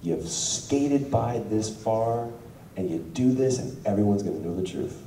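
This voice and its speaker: A middle-aged man, a guest on a convention panel, tells a story to a live audience with lots of animation, acting out other people's lines in raised voices. His voice is fairly low, gravelly and dark, expressive and a little slow. The hall sounds roomy, the mic is at a distance, and there is a little hiss or hum.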